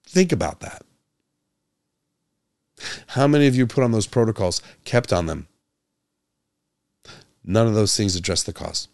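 A man with a deep, low voice talks through a solo medical podcast, recorded close and dry with no room sound. He pushes his points with passion, repeats words as he restarts, and keeps asking rhetorical questions. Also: lively intonation, a little slow, gravelly, long pauses, dry recording. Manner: grows louder and higher when exasperated. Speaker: podcast host, doctor.

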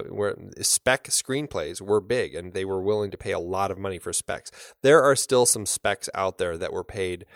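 A man's voice: low voice, dry recording, clean studio sound. A man co-hosting a film podcast, talking casually and rambling, with many fillers and restarts. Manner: laughs easily. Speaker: podcast co-host.

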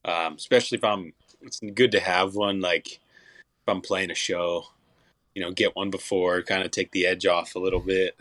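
A man's voice: deep voice, steady tone, normal speed, a bit bright, no echo. A young man, a songwriter and musician, chatting casually as an interview guest, rambling with frequent restarts and fillers.

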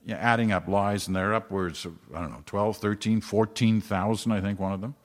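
A man's voice: lowish voice, fairly even intonation, fairly quick, big-room sound. An older man hosting a podcast, talking casually and wandering into asides with some self-deprecating humor. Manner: conversational, digressive, self-deprecating. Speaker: podcast host. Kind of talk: casual solo podcast commentary.

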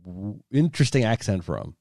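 A man with a very deep voice that still swings widely in pitch, recorded dry and close. He hosts the interview, asking long, curious questions with a casual, loose delivery. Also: sing-song, normal speed, a little mellow, no room sound. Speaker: podcast host.

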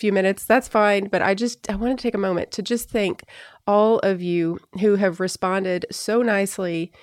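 A woman's voice: mid-range voice, fairly even intonation, normal speed, no room sound. Chatty woman podcast host, dry mic. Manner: chatty, restarts often, laughs easily. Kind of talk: casual chat.

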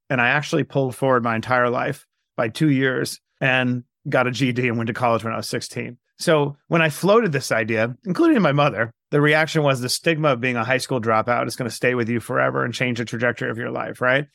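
A man in his forties from New York, a guest entrepreneur telling his life story in an interview, animated and acting out dialogue. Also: medium pitch, fast talker, gravelly, dry recording, studio quality. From New York, USA. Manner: animated, acts out quoted dialogue.

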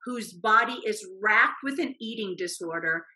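A woman telling a personal faith testimony as a guest, animated and acting out the voices in her quotes. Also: medium pitch, moderate pace, poor audio.

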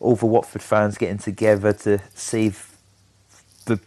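An enthusiastic young man co-hosting a relaxed football podcast, talking things up with real excitement. His voice sits a little lower than most men's. He keeps a chatty, easy flow. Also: normal speed. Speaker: podcast co-host. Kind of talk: casual chat.

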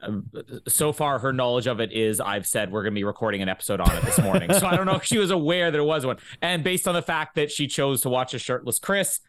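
A man in his thirties co-hosting a casual podcast chat, speaking in an easygoing, measured way. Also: mid-range voice, lively intonation, a bit bright, no room sound. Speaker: podcast co-host.

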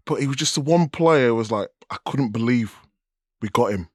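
A man's voice: mid-range voice, lively intonation, dry recording. A man co-hosting a podcast, chatting in a keen, joking way. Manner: enthusiastic, jokey, quick asides. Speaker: podcast co-host. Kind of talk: casual chat.

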